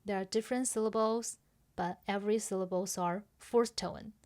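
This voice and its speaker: A woman's voice: medium pitch, fairly even intonation, moderate pace, a little mellow. A woman hosting a podcast pronunciation lesson, explaining patiently step by step and checking that listeners follow. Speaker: language teacher and podcast host.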